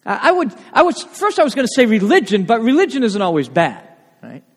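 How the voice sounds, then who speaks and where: A male pastor preaching a sermon, animated and full of rhetorical questions. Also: extremely high pitch, brisk. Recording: long reverb of a church hall.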